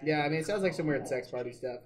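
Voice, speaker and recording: A man's voice: a little high, quick pace, crowd noise. A man co-hosting a let's play, trading crude jokes and dropping into goofy voices. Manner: crude, joking, slips into goofy put-on voices. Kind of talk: casual gameplay banter.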